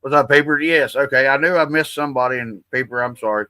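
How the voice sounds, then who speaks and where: Brief: middle-aged male host, folksy and profane, rambling chat, bright edge. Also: medium pitch, fast talker, a little hiss or hum. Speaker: livestream host. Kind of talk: casual livestream chat.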